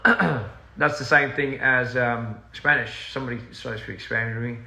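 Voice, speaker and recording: A man talking loosely to his viewers over a phone livestream, drifting off topic and laughing at himself as he switches between English and Korean. His voice is bright with a gravelly edge. The sound is roomy and echoey, with a faint hum of ambience behind him. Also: mid-range voice, steady tone, a little fast. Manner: rambling, easily sidetracked, laughs often; mixes in Korean and scraps of other languages. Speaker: recording artist on a livestream. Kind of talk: casual livestream chat with viewers. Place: in a house.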